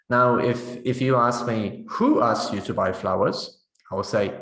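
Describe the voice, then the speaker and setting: A man's voice: medium pitch, moderate pace. Echoey man explaining pronunciation teaching. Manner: explanatory, checking in with frequent "right?". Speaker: teacher trainer. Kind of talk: webinar teaching demonstration.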